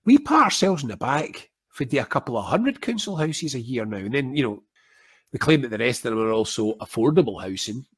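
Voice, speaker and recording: An older Scottish man in casual conversation, an animated storyteller who acts out quoted voices with wry humour. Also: medium pitch, brisk, breathy edge. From Scotland.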